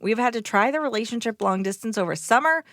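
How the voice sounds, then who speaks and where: A woman's voice: a little high, animated, quick pace, fairly bright tone, dry recording. A woman co-host reads a listener's advice letter aloud, easygoing and plain. The recording is close and dry, with no room around her voice. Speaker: podcast co-host reading letters.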